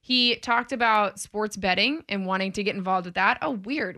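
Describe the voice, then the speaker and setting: A woman co-hosting a sports talk radio show, teasing her partners in quick back-and-forth chat. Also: medium pitch, bright, forceful tone.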